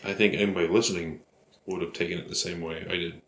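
A young adult man co-hosting a podcast, bickering casually, sarcastic and defensive in quick bursts. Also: low-pitched, fairly even intonation, a bit bright. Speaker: podcast co-host. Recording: roomy home recording, faint hiss.

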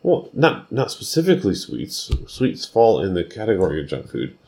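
A man's voice: low voice, wildly swooping pitch, gravelly, mellow. A man co-hosting a podcast in casual chat, firing off questions and teasing his partner. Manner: teasing, quick-fire questioning. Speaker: podcast co-host.

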